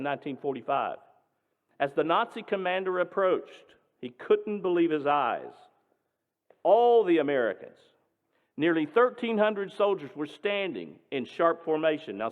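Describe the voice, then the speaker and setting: A male pastor tells a story in a sermon, speaking dramatically and emphatically, with his voice moving between loud and hushed. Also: on the high side. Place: synagogue sanctuary. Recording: tinny, echoing hall.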